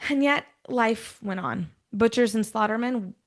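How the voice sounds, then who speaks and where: A woman's voice: fairly high pitch, measured pace. A woman hosting a true-crime podcast, moving between read-out storytelling and chatty, offhand asides. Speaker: podcast host. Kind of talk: casual true-crime chat mixed with read narration.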